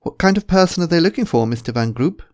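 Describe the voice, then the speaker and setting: Roddy is a blunt, plain-spoken librarian , voiced by a male narrator, who talks quickly when he is worked up. His voice sits higher than the reader's own. He sounds like a man out of patience. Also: dry recording, studio quality, natural voice. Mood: curious. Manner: blunt, lively and exasperated.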